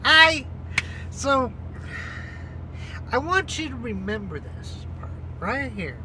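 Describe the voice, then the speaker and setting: Woman vlogging in her car, slow rambly chat, laughs a lot, car noise behind. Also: a little high, very animated. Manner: rambling, chatty, laughs often. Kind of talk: casual chat to camera. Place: inside a car. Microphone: handheld camera.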